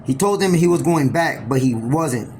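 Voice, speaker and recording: A man telling a homemade story aloud, rambling and halting, often restarting his sentences. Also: on the high side, animated, darkish tone, a little hiss or hum. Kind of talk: improvised oral storytelling.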